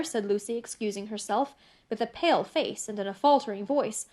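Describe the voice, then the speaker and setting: A woman narrating a classic novel in a measured, expressive reading. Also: mid-range voice. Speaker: audiobook narrator.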